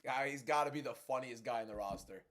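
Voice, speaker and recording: A young man from the UK hosting a live fight watchalong, reacting excitedly and talking to his chat. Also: medium pitch, fast talker. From United Kingdom. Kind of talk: casual live-stream commentary.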